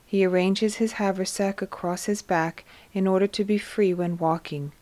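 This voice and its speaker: A woman reading a devotional story aloud in a slow, soft, reverent scripted narration. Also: mid-range voice, steady tone. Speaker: reader of devotional text.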